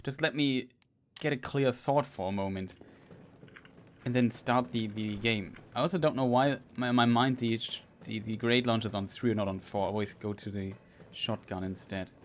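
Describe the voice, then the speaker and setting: Male gamer commentator, medium pitch, frustrated and ranting, faint noise behind. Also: normal speed. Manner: frustrated ranting with stammered restarts. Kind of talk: gameplay commentary.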